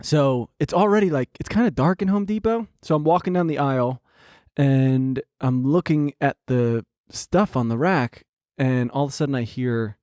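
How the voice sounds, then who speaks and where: A man co-hosting a podcast, telling a story in casual chat, animated and swearing freely. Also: mid-range voice, moderate pace, no echo, studio quality. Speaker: podcast co-host.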